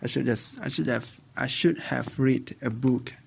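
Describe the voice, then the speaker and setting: Gravelly man giving speaking tips. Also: medium pitch, a little slow, dull audio. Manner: animated, repetitive, self-correcting. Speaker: speaking coach. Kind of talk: casual teaching talk.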